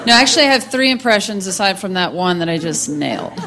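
A woman doing a stand-up comedy set with slow, dry, deadpan delivery and long pauses. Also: medium pitch. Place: comedy stage before a laughing crowd. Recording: crowd laughter and room noise.

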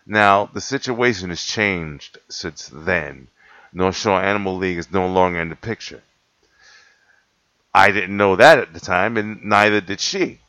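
A man with a lowish voice tells a rambling story to the camera, laughing and correcting himself as he goes. The recording is dull and lo-fi, with a dry sound and no room echo. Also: sharp tone. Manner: rambling, self-correcting, laughs between points. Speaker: cat rescuer telling a story.

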